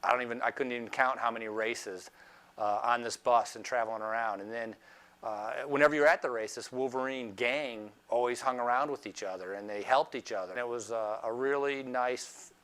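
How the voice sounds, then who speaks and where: A man's voice: medium pitch, fairly quick, a bit bright. A man, a former cyclist, fondly reminiscing in a documentary interview with frequent restarts.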